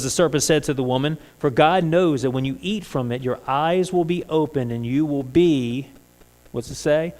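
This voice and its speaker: A man preaching a sermon in a church, talking conversationally and asking the congregation many rhetorical questions. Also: on the high side. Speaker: pastor.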